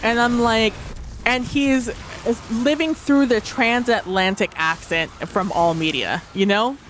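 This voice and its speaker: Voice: medium pitch, unhurried, fairly bright tone, a little hiss or hum. A tabletop role-play player reflecting casually on a livestream, rambling with many fillers and frequent laughter.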